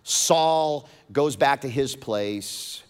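A man's voice: medium pitch, extremely slow, smooth, big-room sound. A man preaching a sermon, retelling a story casually and animatedly, with modern asides. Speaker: pastor.

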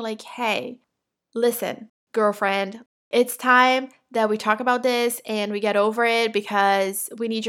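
A woman with an accent hosting a podcast, talking in an encouraging, empathetic and emphatic way in a motivational monologue. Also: a little high. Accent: non-native English accent. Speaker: podcast host.

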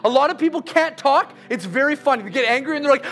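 High-voiced man telling a sermon story. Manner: animated, laughs through his story, slows for emphasis.

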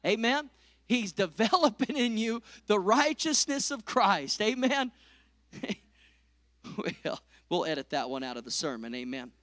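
A middle-aged man preaching a sermon, swinging from loud peaks to hushed lines and calling out to the congregation. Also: high voice, expressive, a little slow, dry recording. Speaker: pastor.

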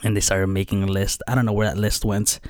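A man's voice: on the low side, level tone, fast, darkish tone, no echo, studio quality. A man from the Philippines, chatting casually and telling a childhood story with laughs. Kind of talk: casual conversation.

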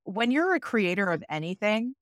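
A woman's voice: mid-range voice, very animated, normal speed, no echo, clean studio sound. A woman co-hosting a casual podcast, chatting freely, swearing and acting out quotes. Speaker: podcast co-host. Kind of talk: casual chat.

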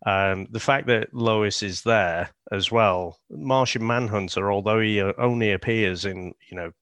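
Un uomo con britannico che parla di film in un podcast, esitante e pieno di ripetizioni. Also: male voice, lowish voice, measured pace, fairly bright tone, no room sound. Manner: hesitant, repeats words. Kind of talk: casual film podcast chat.

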